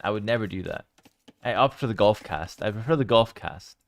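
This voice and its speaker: A young man casting a strategy game live and chatting with his viewers, with sudden bursts of excitement. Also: fairly low pitch, fairly quick, vocal fry, no room sound. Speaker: game streamer and caster. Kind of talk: live game commentary with chat.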